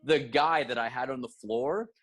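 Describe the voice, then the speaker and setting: A man's voice: medium pitch, moderate pace, fairly bright tone. A man hosting a podcast, telling a long story in casual chat, rambling and swearing, with frequent restarts. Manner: rambling and profane, restarts a lot, laughs mid-story. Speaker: podcast host.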